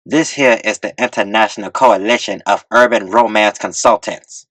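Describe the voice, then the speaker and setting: A man's voice: fairly low pitch, steady tone, moderate pace, fairly bright tone, no echo, poor audio. A man voicing a tall, flashy hustler who talks down to a newcomer. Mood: brash. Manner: brash and pushy. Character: tall flashy male hustler, brash and pushy.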